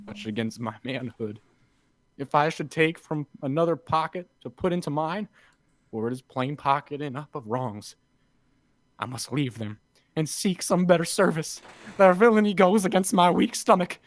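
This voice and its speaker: A man's voice: mid-range voice, no room sound, natural voice. A man reading a disapproving servant boy. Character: young male servant boy, disapproving of thieves.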